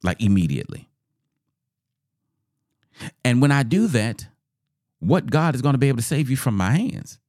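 A man's voice: medium pitch, very animated, moderate pace, pauses often, a little mellow, no echo, studio quality, voice pushed up. A man voicing a boastful, angry king who taunts and threatens in a slangy, swaggering way. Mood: proud, threatening.

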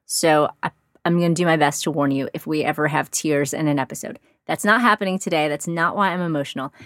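Earnest low-voiced woman podcast host. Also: no room sound, clean studio sound. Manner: encouraging, earnest, heartfelt. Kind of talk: warm scripted intro and casual podcast chat.

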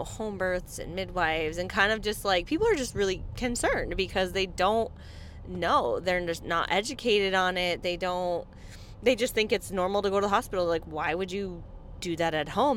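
A woman talking casually to her viewers, chatty and animated, often laughing and restarting her sentences. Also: on the low side, a little hiss or hum. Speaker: vlogger. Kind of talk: casual chat to camera.

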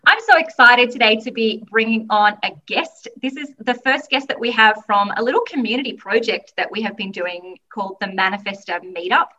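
A woman's voice: fairly high pitch, pushed and bright, lo-fi sound, slight background noise. A woman hosting a podcast interview, bubbly and effusive, often laughing. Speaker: podcast host.

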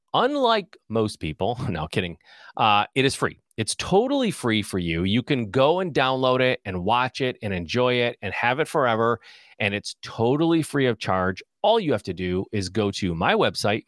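A man's voice: fairly low pitch, fairly bright tone, no echo, studio quality. A man hosting a live podcast Q and A, talking casually with many fillers and some self-mocking jokes. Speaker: podcast host.

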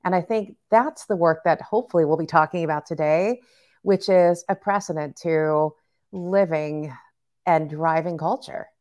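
Podcast host, woman, slightly low voice, eager and encouraging. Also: normal speed. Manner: warm, enthusiastic, affirming. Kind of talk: podcast interview.

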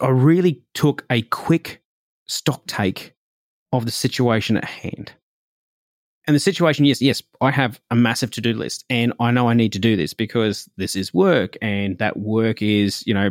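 A man hosting a podcast, telling a personal story in a relaxed, reflective way, full of "like" and "you know". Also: fairly low pitch, no room sound, clean studio sound. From Australia. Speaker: podcast host.

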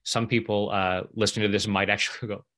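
A middle-aged man telling a personal story in a casual interview, lively when he acts out what others said and laughing often. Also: fairly low pitch, fast talker. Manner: animated when acting out quoted voices, laughs often. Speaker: interview guest, EFT practitioner.

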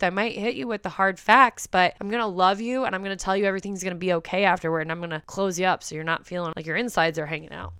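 A woman's voice: fairly low pitch, sharp tone, smooth, dry recording, clean studio sound. Blunt, swearing woman podcast host. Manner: blunt, frequent swearing, emphatic. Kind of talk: candid solo podcast talk.

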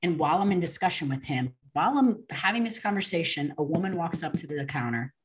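On a podcast, a woman with a notably low voice for a woman tells her testimony quickly and casually. She's animated and chatty, relaxed and unscripted, full of fillers and reenacted dialogue.

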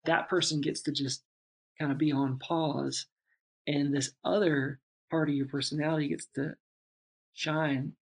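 A man, a father, in relaxed conversation, telling a long reflective story with many restarts and asides. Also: fairly high pitch, a little slow, breathy edge. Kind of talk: casual chat.

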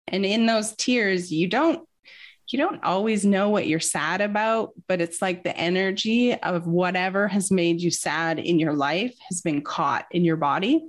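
A woman's voice: on the low side, unhurried. A woman talking as a guest in a casual interview, telling a personal story in an earnest, reflective way.

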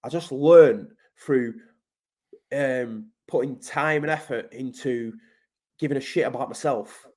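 A man's voice: medium pitch, a little slow, darkish tone. A man from Manchester with an English accent, a podcast guest talking in a blunt, emphatic way, swearing often and calling the host mate. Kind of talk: casual conversational interview.

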